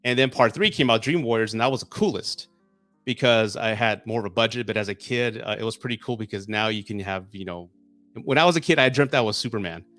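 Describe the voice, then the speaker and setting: A man in his forties hosting a casual live stream, chatting excitedly and getting emotional when viewers send gifts. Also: lowish voice, quick pace, dry recording, soft background music. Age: 40s.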